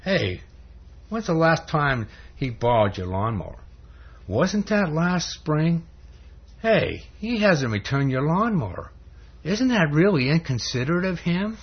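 A man's voice: fairly high pitch, very animated, measured pace, husky, pitched above the performer's own voice, heavily acted. A man voicing a sly male devil who needles and insinuates, prodding his listener with repeated "hey"s on a dull lo-fi recording. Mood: goading.

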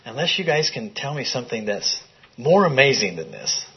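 In a small room, a man with a mid-range, slightly husky voice teaches the Bible interactively, reading passages and repeatedly stopping to question his listeners. He is very animated but keeps a moderate pace. The recording sounds muffled, dull and lo-fi.

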